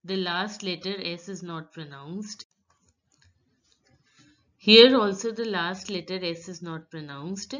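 Slow, bright-voiced woman teaching pronunciation. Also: lowish voice. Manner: reads French words slowly, then explains each sound carefully. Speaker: French teacher. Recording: dull lo-fi recording.

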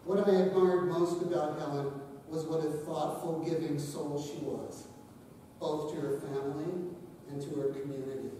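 An older man, the son-in-law, delivering a memorial eulogy with gentle storytelling and light humor. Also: on the high side. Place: large echoing hall. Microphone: distant. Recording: echoey hall, distant mic, faint hiss.

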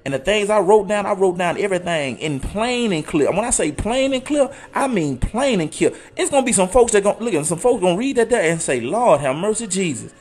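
A man's voice: animated, fast, few pauses. Fervent man in his thirties preaching motivation. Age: 30s. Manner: preachy and fervent, building from low and quiet to loud and high; repeats phrases and restarts for emphasis, quotes scripture. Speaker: online coach and motivational speaker. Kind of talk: motivational talk on a live show.

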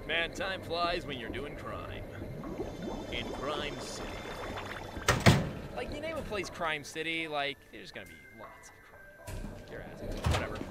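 A chatty man talks through a game he's playing, his voice bouncing up and down as he jokes at his own expense and taunts the computer enemies. His voice sits a little high. Loud game music plays under him the whole time. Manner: chatty, self-mocking, trash-talks the game. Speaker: gaming video creator. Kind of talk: casual let's-play commentary.

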